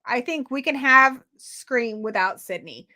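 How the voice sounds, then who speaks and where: A woman with a General American accent hosting a live reaction chat, excitable, playful and teasing. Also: on the high side, a little slow. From United States. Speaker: host.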